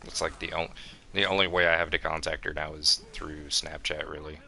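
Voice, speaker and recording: A young man explaining a game plainly and calmly while streaming it. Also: a bass voice, fairly quick, vocal fry, a little hiss or hum. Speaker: gaming streamer.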